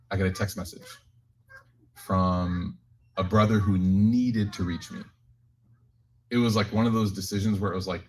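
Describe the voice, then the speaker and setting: A low-voiced man, with slight background noise, leads a community group's Quran reflection, streamed live. His relaxed religious talk is full of jokes and personal stories, and he animatedly addresses listeners directly.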